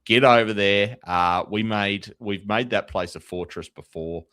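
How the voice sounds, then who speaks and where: Aussie bloke hosting a footy-style pod, deep voice, dry sound, super chatty. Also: male voice, measured pace, a bit bright, dry recording. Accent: Australian. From Tasmania, Australia. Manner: chatty, fan-like, with fillers. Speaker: podcast host. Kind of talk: casual sports podcast chat.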